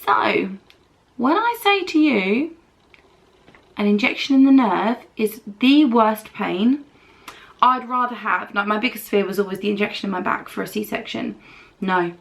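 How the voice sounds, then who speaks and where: Recovering from dental treatment, a British beauty vlogger does her makeup at home and tells a long, candid story in a chatty, rambling style. Her mid-range voice is expressive and a little slow, with vocal fry.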